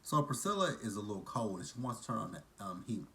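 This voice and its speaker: A man's voice: lowish voice, big pitch swings, fast, bright, forceful tone. A man casually recapping a TV episode, with blunt, profane and mocking asides. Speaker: TV episode reviewer.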